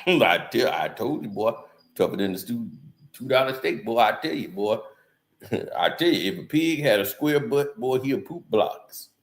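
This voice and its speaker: A man's voice: medium pitch, animated, a little slow, lightly acted. Male streamer impersonating a cocky country man, folksy one-liners, echoey room. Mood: boastful. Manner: folksy drawling one-liners, laughing between them. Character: boastful country-talking man spouting folksy sayings.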